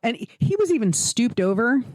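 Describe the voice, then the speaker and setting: Rambling woman podcast co-host, animated pitch, dry close sound, laughs and swears often. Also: normal speed, dry recording. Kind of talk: casual chat.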